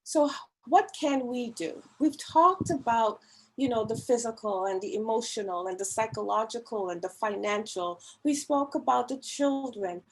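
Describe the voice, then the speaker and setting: A woman's voice: on the high side, low-quality recording. A woman speaking in a church women's ministry service, earnest and emphatic as she urges listeners to hear those in need. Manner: slow, earnest, emphatic pleading. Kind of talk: church talk on mental health. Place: church service, online meeting.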